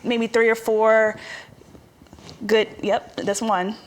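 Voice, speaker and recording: A woman's voice: fairly high pitch, level tone, takes it slowly, slight background noise. A woman chef giving a cooking demonstration, explaining each step in a chatty, instructive way.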